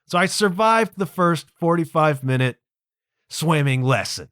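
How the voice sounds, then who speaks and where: Male podcast host, 50s, exasperated, self-mocking storyteller, animated delivery, dry sound. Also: a little high, unhurried, clear, resonant tone, dry recording. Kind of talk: comedic storytelling monologue.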